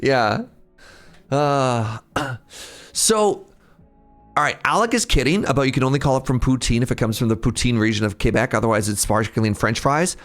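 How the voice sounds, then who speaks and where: Casually live-streaming an incremental game, a young adult man chats with his audience, reads out viewer names and laughs frequently. He speaks at medium pitch and normal speed over faint game music.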